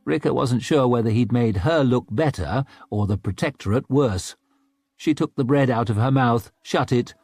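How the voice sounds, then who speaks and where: A male narrator reading a fantasy audiobook with animated, expressive delivery. His voice is husky and mid-pitched, close to the mic in a dry recording. Faint music plays underneath. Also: dry recording. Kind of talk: scripted narration.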